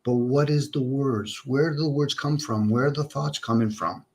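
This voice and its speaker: A man's medium-pitched, somewhat dark voice stays steady and moderately paced as he hosts a livestream. Talking over an online call, he wanders casually through philosophical musings packed with rhetorical questions.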